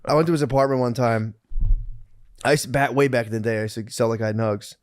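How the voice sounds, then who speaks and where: A man's voice: mid-range voice, steady tone, fast talker, dry recording, clean studio sound. A young man co-hosting a podcast, telling rambling stories in casual chat and swearing freely with lots of dude and bro. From Philadelphia area. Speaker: podcast co-host.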